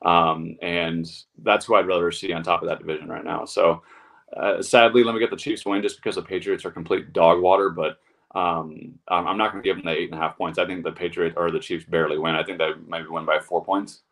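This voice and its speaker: A man's voice: deep voice, fairly even intonation, fairly quick, vocal fry, a bit bright. A man co-hosting a football talk show, blunt and heated, ranting with profanity. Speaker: sports show co-host. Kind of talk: casual sports talk.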